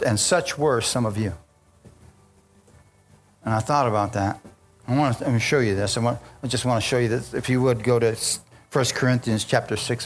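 A man telling his testimony from the pulpit, lively and conversational, asking the congregation for an amen between stories. Faint music plays underneath. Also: medium pitch. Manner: animated storyteller, calls out to congregation. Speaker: preacher giving a testimony. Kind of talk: sermon testimony.

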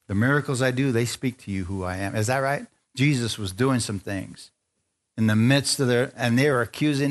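A man preaching a sermon to a congregation, lively, laughing often and asking for amens as he retells scripture stories. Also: fairly quick. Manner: animated, asks the congregation for amens; laughs often, acts out quotes in a higher voice. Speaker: pastor.

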